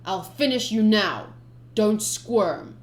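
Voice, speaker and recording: A woman voicing a cold, ruthless male pirate commander, speaking in a measured, menacing way. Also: medium pitch, animated, echoey room.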